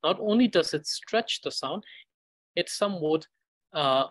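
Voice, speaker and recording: Slow, patient man teacher. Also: on the high side, expressive, a bit bright, poor audio. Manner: slow, patient, repeats syllables for practice. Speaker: language teacher. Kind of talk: pronunciation lesson.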